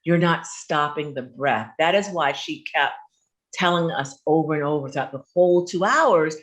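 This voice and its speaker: A woman hosting a radio talk show, telling a personal story in an animated, candid way. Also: deep voice, moderate pace.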